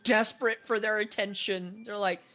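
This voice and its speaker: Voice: medium pitch, steady tone, normal speed, sharp tone. A game master narrating a tabletop role-playing game in a casual, hesitant way, with many fillers.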